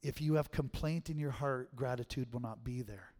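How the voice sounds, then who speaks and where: A middle-aged man preaching a sermon as pastor, swinging from hushed tones to loud, emphatic calls. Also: mid-range voice, normal speed. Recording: long hall reverb.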